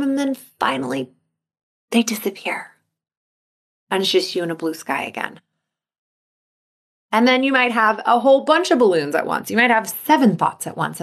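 A woman coach hosts a motivation podcast, speaking upbeat in a mid-range voice and acting out inner thoughts in a lively way.

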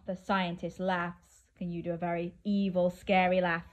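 A woman reading a children's picture book aloud, playful and animated, inviting the listener to join in, with drawn-out dramatic pauses. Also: lowish voice, dull audio. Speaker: children's story reader.

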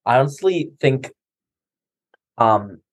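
A man's voice: medium pitch, expressive, slow pace. A man co-hosting a podcast, talking loosely and at length in casual chat. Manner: loose, talkative, laughs at himself. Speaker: podcast co-host.

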